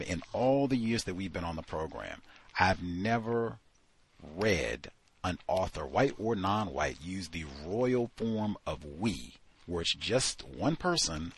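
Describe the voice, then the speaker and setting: A man's voice: deep voice, a bit bright, breathy edge. A man hosting a talk show, giving an exasperated, sarcastic review of a book, full of fillers like "uh" and "like.". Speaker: podcast host. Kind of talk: critical book review commentary.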